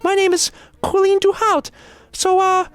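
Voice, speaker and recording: A man doing a high, fluttery young housemaid. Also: completely flat delivery, unhurried, fairly bright tone, soft background music. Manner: high, breathy falsetto, fussy. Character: flustered young housemaid, woman, eager.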